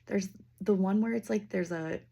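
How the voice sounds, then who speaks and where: A woman giving a casual spiritual reading and leading slow breathing, talking loosely with fillers and the odd swear word. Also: medium pitch, vocal fry, slightly rough. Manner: slows down and softens into near-whispers. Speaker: intuitive reader.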